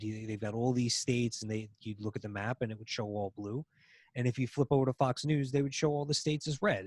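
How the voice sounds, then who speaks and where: A man with a somewhat low voice talks through his views in a loose, conversational way. He stumbles and restarts often, filling gaps with ums. The sound is dry and close, with no room around it. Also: no room sound. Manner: halting, many restarts and ums. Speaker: podcast co-host. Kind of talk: casual political chat.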